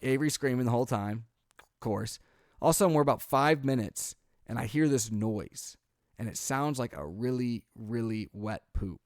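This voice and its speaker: A man in his thirties tells a chaotic family story in a casual podcast chat. He acts out what everyone said and leans on "like" and "um" as he goes. His voice is mid-pitched and sits close to a dry microphone. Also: moderate pace, no echo. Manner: animated storyteller, acts out quotes, frequent "like" and "um". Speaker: podcast co-host.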